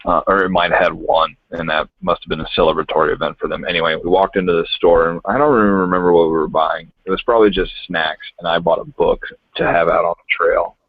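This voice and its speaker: A man with a very deep, husky voice tells a story at an unhurried pace in casual chat, dry and sardonic. The sound is dry and dull, with no room around it. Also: steady tone, no echo. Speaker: podcast co-host.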